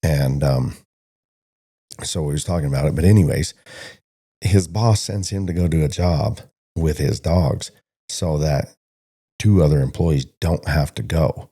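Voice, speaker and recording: Very deep gravelly man, loose rambling talk. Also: measured pace, long pauses, warm tone. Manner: rambling storyteller who acts out quoted conversations. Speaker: podcast co-host, stockdog trainer. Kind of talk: casual podcast chat.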